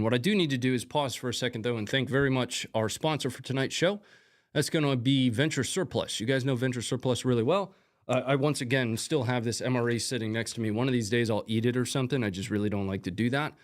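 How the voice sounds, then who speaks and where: Relaxed low-voiced male live-stream host. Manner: relaxed, conversational, chatty asides. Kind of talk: live-stream commentary over combat footage.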